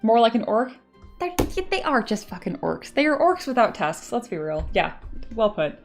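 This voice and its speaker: A woman's voice: medium pitch, big pitch swings, normal speed, faint music behind. A woman chatting casually on a live stream while she sculpts, laughing often and reading viewer comments aloud. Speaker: 3D sculptor streaming her work.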